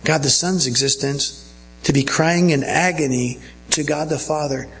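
A man's voice: on the high side, normal speed, a bit bright, a little hiss or hum, low-quality recording. A male pastor preaching a sermon earnestly and checking in with his listeners.

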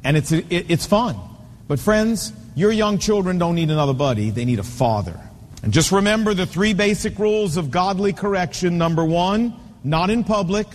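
A man's voice: sits high, lively intonation, normal speed, big-room sound. A man in his fifties preaching a sermon, telling stories and hammering home points with an emphatic, repetitive cadence. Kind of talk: sermon to men on fatherhood.

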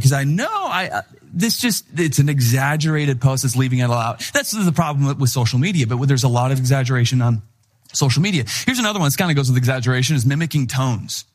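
A middle-aged man preaching a sermon in an animated, conversational way, acting out the people he quotes. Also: mid-range voice, quick pace. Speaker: pastor.

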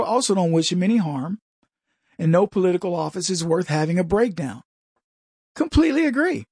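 A man hosting a casual political commentary monologue, mocking and chuckling with lively asides. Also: high-pitched, husky, no echo, clean studio sound.

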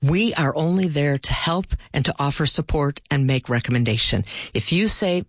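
A woman's voice: deep voice, moderate pace, no echo. A middle-aged woman who works in palliative care, speaking earnestly and telling stories with animation in a conversational interview. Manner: animated storyteller, earnest and direct.

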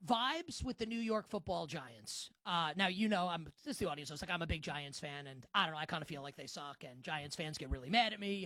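A man's voice: on the high side, expressive, a little fast, few pauses, sharp tone, dry recording. A man in his thirties hosting a podcast, chatting in a rambling, self-deprecating way with lots of fillers. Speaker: podcast host. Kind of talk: casual podcast chat.

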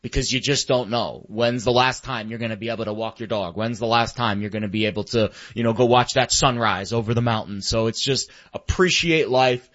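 A man co-hosting a sports talk show, speaking reflectively with many pauses and restarts. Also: mid-range voice, a bit bright. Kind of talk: casual sports chat. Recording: dull lo-fi sound.

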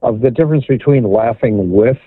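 A man's voice: medium pitch, brisk, breathy edge, no echo. A man calling in to a radio show, speaking earnestly and conversationally. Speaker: caller. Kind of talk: call-in comment. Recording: tinny phone line.

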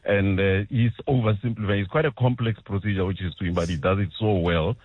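A man calling a radio show over the phone, talking quickly and earnestly. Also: fairly low pitch, husky, no echo. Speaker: caller, doctor. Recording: phone line.

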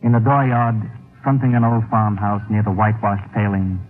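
A man's voice: lowish voice, fairly even intonation, normal speed, close to an everyday voice. An actor playing a bitter, brooding young male graduate, in 1940s radio acting. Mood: tender. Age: young adult. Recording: tinny old radio broadcast, faint music.

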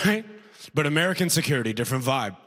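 A man's voice: mid-range voice, animated, quick pace, fairly bright tone, in a large hall. A young man from Sudan, doing a conversational stand-up comedy set on stage, tagging lines with "right?" and laughing along. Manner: conversational, self-deprecating, frequent "right?" tags and laughs. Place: comedy club stage before a live audience.

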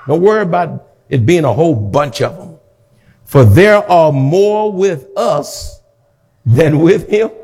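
A man preaching a sermon, reading scripture slowly and then shouting exhortations, urging the congregation to repeat after him. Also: sits high. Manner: swings from slow quiet reading to loud shouts.

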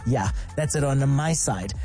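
A male radio host with a South African accent, talking in a lively, chatty way and slipping into playful bits. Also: mid-range voice, unhurried, faint music behind. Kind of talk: upbeat radio presenting. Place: radio studio.

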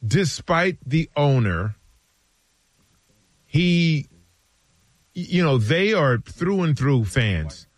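A man co-hosts a sports talk show in a dry studio, his voice sitting a little high. His pitch swings widely as he tells stories and acts out what his friends said. The sound is close and dry, with no room echo. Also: extremely slow, long pauses. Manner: animated storytelling, acts out friends' lines.

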